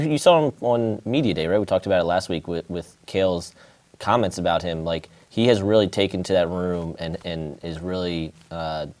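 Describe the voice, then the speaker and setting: A man's voice: low voice, a little mellow. A man co-hosting a casual sports talk show, speaking hesitantly with many fillers. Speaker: co-host.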